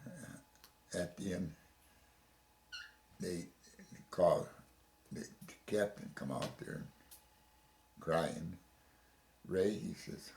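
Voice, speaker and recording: An older man from Chicago telling his story in an oral history interview, pausing and repeating words as he goes. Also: sits low, gravelly, a little mellow, roomy sound, slight background noise. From Chicago, USA. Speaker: veteran interviewee. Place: home room.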